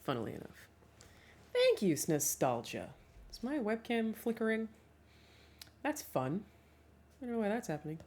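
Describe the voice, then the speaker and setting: A woman's voice: fairly high pitch, wildly swooping pitch, moderate pace, pauses often, darkish tone. A young woman talking casually to her livestream chat, often laughing and swearing freely, at a home setup with a desk mic. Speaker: streamer.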